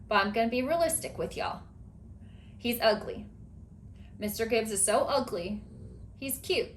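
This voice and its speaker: A woman hosting a podcast in casual chat, chatty and animated with lots of filler words. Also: fairly high pitch, a little hiss or hum. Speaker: podcast host.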